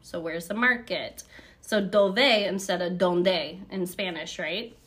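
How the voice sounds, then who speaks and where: A woman's voice: lowish voice, slow, a bit bright. A woman from the United States hosts a podcast by herself. She talks in a loose, chatty way and drifts between thoughts. She stops now and then to read phrases aloud. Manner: chatty, rambling, reads phrases aloud from a book. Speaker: podcast host. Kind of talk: casual solo podcast talk.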